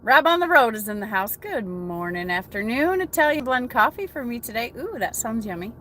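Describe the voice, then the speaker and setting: A woman's voice: a little high, sing-song, brisk, fairly bright tone, slight background noise. An American woman hosting a casual morning coffee chat from her truck cab, greeting viewers by name. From United States. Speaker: trucker livestream host.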